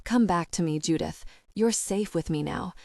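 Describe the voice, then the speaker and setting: A woman voicing a tender, protective grown man who speaks in soft, soothing reassurances. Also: fairly low pitch, normal speed, no room sound, studio quality, natural voice.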